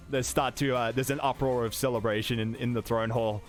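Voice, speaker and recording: A man narrating as game master, with animated delivery and sound effects. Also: mid-range voice, fairly quick, few pauses, soft background music.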